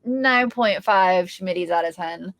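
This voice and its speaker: A woman's voice: fairly low pitch, takes it slowly, dry recording. A woman co-hosting a casual podcast, enthusiastic as she explains plans to listeners. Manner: enthusiastic, talks promos steadily. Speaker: podcast co-host.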